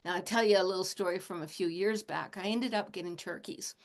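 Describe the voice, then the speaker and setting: A woman in her late sixties, a shamanic teacher, talking in a gentle, casual teaching manner and chuckling often. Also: lowish voice, fairly quick. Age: 60s. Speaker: shamanic teacher and animal communicator.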